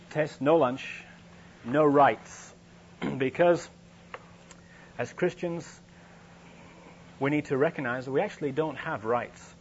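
A man preaching a sermon in a conversational, storytelling way, with frequent restarts. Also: medium pitch. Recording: dull, slightly noisy lo-fi recording with hum.

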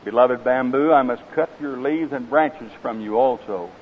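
A man voicing the grave, loving male master of a garden, speaking slowly and solemnly. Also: medium pitch, lightly acted. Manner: slow, solemn and measured. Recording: slightly dull with faint hiss.

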